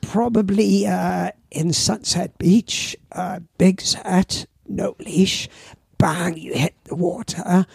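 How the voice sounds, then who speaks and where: Gravelly older Welsh man spinning yarns. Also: high voice, slow pace, hardly any pauses, no echo. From Wales. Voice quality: gravelly, raspy. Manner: rambling anecdotes with lively asides. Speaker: surf shop owner and former surfing champion. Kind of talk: casual storytelling in an interview.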